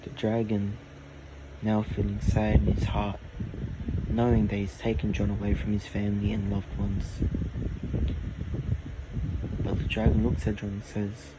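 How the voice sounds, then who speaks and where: Slow, low-voiced man telling a story. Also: monotone. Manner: slow, halting, plain delivery. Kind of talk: improvised fantasy story narration. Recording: loud air conditioning hum. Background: air conditioning.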